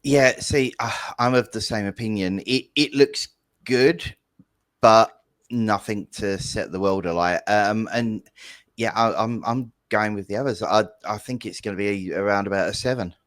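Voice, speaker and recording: A man co-hosting a gaming stream, talking in a relaxed, hesitant way with many restarts. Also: fairly low pitch, measured pace, no room sound. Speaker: guest host. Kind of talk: casual chat.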